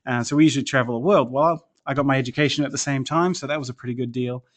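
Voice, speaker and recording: A man from New Zealand with an accent mixed between New Zealand and American, telling his story as a guest in a relaxed podcast chat, with lots of ums and self-deprecating asides. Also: medium pitch, rapid-fire. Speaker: church planter guest. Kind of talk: casual podcast interview.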